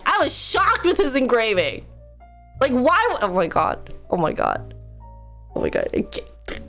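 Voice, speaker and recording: A young woman streamer chatting casually with her viewers, ranting with animation, laughing often and mimicking other people. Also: high voice.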